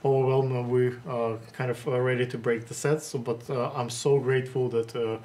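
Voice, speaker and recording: A man who hosts interviews, talking in a casual, halting way, full of hesitations and restarts. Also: mid-range voice, level tone, warm tone. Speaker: interviewer host.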